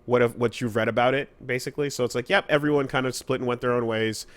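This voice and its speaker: A man's voice: medium pitch, steady tone, fast talker. A man co-hosting a podcast, talking casually and rambling with lots of fillers and restarts. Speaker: podcast co-host.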